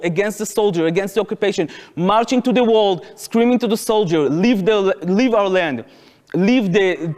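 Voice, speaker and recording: A man's voice: high-pitched, long reverb tail. A man in his twenties with an Israeli accent, retelling his own story to an audience in vivid present tense. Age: 20s. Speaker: speaker at a public talk. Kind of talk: first-person storytelling to an audience. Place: lecture hall.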